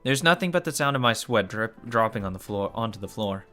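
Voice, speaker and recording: A man's voice: lowish voice, expressive, fairly quick, sharp tone, soft background music. Man reading a game aloud, cursing. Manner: shocked cursing and groaning between read lines. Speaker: let's play host. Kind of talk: reading a visual novel aloud.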